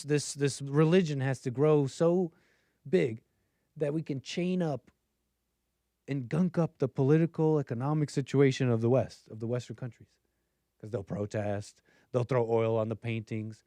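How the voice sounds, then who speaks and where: Male stream host, casual rambling commentary full of fillers, medium pitch, dry close-mic sound. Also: dark tone, no room sound. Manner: rambling with many fillers and restarts, chuckling asides. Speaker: political commentary livestream host.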